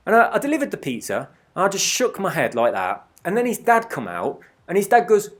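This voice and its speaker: Brief: male gaming host, forties, lively swooping voice, casual storyteller who swears a lot. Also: sits high, brisk, few pauses. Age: 40s. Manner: animated, swears freely, laughs through stories. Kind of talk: casual storytelling over gameplay.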